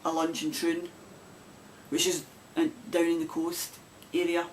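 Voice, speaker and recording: A woman's voice: on the low side, completely flat delivery, a little slow, a little mellow, slight background noise. A woman with a broad Glasgow Scottish accent hosting a knitting podcast, chatting casually to camera with frequent laughs and rambling asides. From Scotland.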